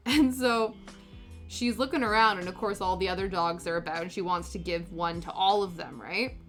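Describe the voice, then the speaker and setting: A woman's voice: on the low side, moderate pace, soft background music. A woman in her thirties chatting casually while painting her nails, rambling with lots of fillers. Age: 30s. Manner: rambling, filler-heavy storytelling. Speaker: nail-painting vlogger.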